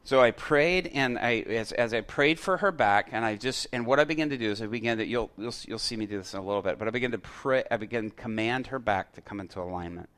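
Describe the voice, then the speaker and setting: A middle-aged male pastor telling a story in a sermon, acting out the dialogue and getting loud at the punchlines. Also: mid-range voice, fast talker, few pauses. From Chicago area.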